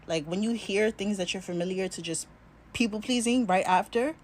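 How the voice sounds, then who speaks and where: A woman at a middle pitch tells a story casually and animatedly, acting out other people's lines. Faint ambient noise sits behind her. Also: normal speed. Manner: animated, conversational, acts out others.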